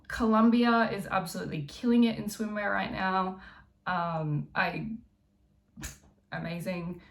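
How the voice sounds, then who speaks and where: Australian woman in her twenties, low-ish voice, casual animated vlog chat. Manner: chatty, animated, laughing often, filler-heavy. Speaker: pageant vlogger. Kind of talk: casual live reaction chat.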